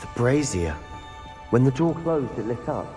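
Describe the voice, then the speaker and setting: A wry young wizard. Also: male voice, mid-range voice, big pitch swings, measured pace. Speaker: player character, a student wizard. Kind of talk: video game voice acting. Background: game music.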